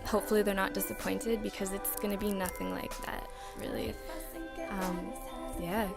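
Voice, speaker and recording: Her voice is medium in pitch and creaky, moving at a normal speed over background music. The young woman, a singer-songwriter, chats in a relaxed, casual interview, leaning heavily on fillers like "like."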